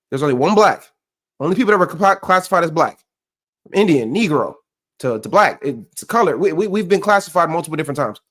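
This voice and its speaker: A man's voice: fairly high pitch, fairly bright tone. A man giving heated reaction commentary on a stream, blunt, profane and repetitive.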